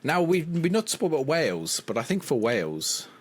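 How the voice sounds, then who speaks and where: A man hosting a podcast, chatting casually with quick jokey asides. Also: on the high side, sing-song, breathy edge. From Liverpool, England. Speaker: podcast host. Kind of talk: casual chat.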